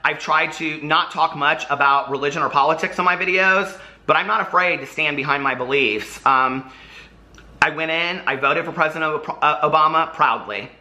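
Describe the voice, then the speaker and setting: A man with a slightly high, very bright and sharp voice speaks to camera in an apology monologue. He talks in a halting, earnest way and fills his pauses often. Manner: halting and earnest, with many fillers. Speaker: vlogger explaining old posts.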